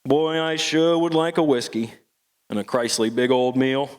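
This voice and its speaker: A man voicing an older, rough-spoken fisherman hermit with a Maine accent, spinning a folksy rhyming yarn. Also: medium pitch, normal speed, close to an everyday voice. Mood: wry.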